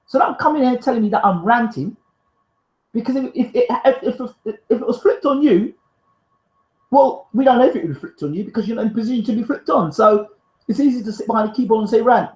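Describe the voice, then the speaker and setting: A man's voice: very high voice, fast talker, roomy sound, rough recording. A man hosting a live stream, reading out viewer comments and arguing back in a fiery, defensive, emphatic way. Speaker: live show host.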